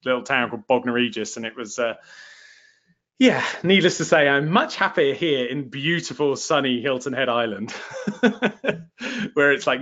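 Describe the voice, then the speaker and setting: A man's voice: mid-range voice, a bit bright. Chatty southern English man, lo-fi. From England. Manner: chatty, self-deprecating, many fillers. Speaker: online course host. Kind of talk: live webinar Q&A.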